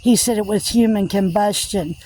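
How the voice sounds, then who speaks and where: A woman's voice: medium pitch, moderate pace, mellow, no echo, poor audio. A woman vlogger recounting a personal spiritual testimony in an earnest, repetitive storytelling manner. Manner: earnest, repetitive retelling with many "I said" tags.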